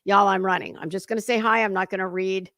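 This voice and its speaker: A woman's voice: medium pitch, fairly even intonation, fast talker, a bit bright, dry recording. A woman hosting a casual livestream commentary, talking in a sarcastic, mocking way and chatting to viewers. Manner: sarcastic and mocking, with lots of fillers.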